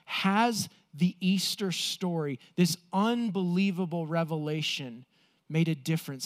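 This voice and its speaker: A man preaching a sermon as pastor, earnest, slowing down for emphasis and acting out the quotes he reads. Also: fairly high pitch.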